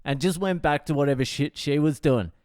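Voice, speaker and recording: A man talks through a comic story from his own life, swearing constantly in a wry, deadpan way. His voice is a touch high for a man, smooth and clear. It is recorded close and dry, with no room sound. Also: fairly quick, no room sound. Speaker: comedian podcast host.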